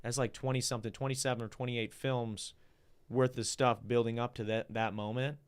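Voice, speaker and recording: A man's voice: medium pitch, flat delivery, brisk, clear, resonant tone. A man hosting a casual podcast chat, loose and joking, swearing freely and calling his guest bro. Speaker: podcast host.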